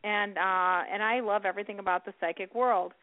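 A woman hosting an internet radio show, chatting warmly and encouraging her guest. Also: mid-range voice, fairly even intonation, a little fast. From Illinois. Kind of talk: casual interview chat. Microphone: phone call. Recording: tinny phone line.

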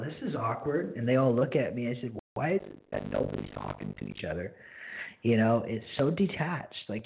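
A man's voice: mid-range voice, husky. A man in his twenties hosting a ministry radio show, sharing a friendly, straightforward and rambling spoken testimony. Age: 20s. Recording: phone-like lo-fi line.

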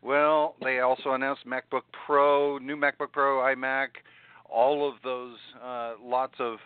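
A man co-hosting a podcast, covering tech news in a playful, animated way. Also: measured pace, clean tone, no echo. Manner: playful, animated, jumps in pitch when joking. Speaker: podcast co-host. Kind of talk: casual chat. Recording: dry phone-like sound.

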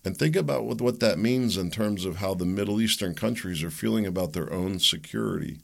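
Man, very low gravelly voice, solo commentary host, musing, hedging, thinking out loud. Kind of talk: political commentary monologue.

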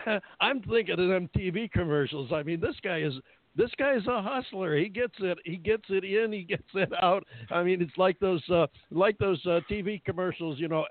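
A man's voice: high voice, no room sound, phone-quality sound. Chatty male radio host, phone-thin sound. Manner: chatty, jokey, laughs often. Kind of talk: casual radio chat.

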